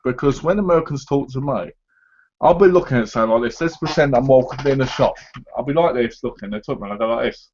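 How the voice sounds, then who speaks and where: A man's voice: mid-range voice, quick pace, darkish tone, a little hiss or hum. Rambling jokey man. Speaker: co-host. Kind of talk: casual chat. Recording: slightly dull lo-fi sound.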